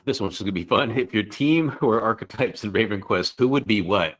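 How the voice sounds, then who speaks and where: A man co-hosting a gaming podcast, reading questions in a relaxed, low-key way. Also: fairly quick, a little hiss or hum. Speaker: podcast co-host.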